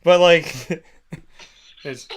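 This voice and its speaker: A man hosts a casual sports talk show from his studio and tells stories with gusto, acting out each voice he quotes. His voice sits a touch high for a man, and he talks into a studio microphone. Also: very slow. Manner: animated storyteller, acts out quoted voices. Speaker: show host.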